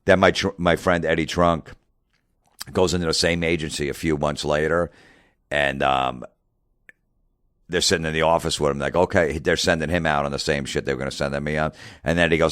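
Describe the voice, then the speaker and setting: A man's voice: rumbling low, fairly even intonation, fairly quick, a bit bright, clean tone, no room sound, clean studio sound. A middle-aged man, a comedian and podcast host ranting profanely and acting out old conversations. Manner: profane, exasperated, re-enacts conversations. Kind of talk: ranting monologue.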